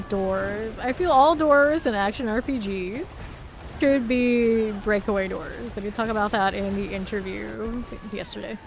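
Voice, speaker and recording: A woman's voice: medium pitch, slight background noise. A woman streamer chatting casually while playing a game live, rambling and laughing often.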